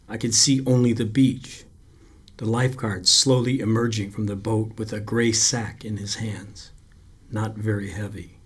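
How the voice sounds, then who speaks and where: A man reading a story aloud, taking his time over every line. His low voice is husky and slightly breathy, and he speaks quietly and broodingly. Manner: slow, quiet, brooding delivery. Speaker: narrator. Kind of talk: scripted story narration.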